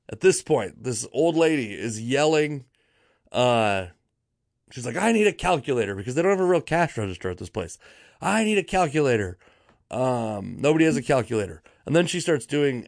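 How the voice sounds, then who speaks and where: A man's voice: mid-range voice, dry recording, studio quality. Wry, rambling man telling a story. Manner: rambling, wry, exaggerating for laughs; frequent fillers and self-corrections. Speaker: podcast host. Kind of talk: casual comedic storytelling monologue.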